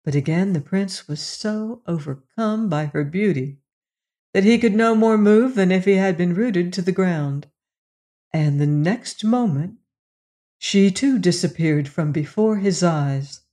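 A storyteller reading a fairy tale aloud in a measured, gently expressive way. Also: medium pitch. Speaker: narrator.

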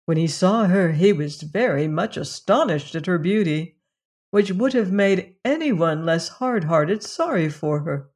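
A woman narrating a fairy tale in a measured, expressive reading. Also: on the low side. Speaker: storyteller.

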